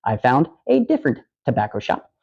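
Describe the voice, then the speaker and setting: Man, livestream host, casual rambling storytelling, profane, animated, middle pitch, dull lo-fi audio. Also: a little fast, creaky, breathy edge. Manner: rambling, animated, profane anecdotes with acted-out quotes.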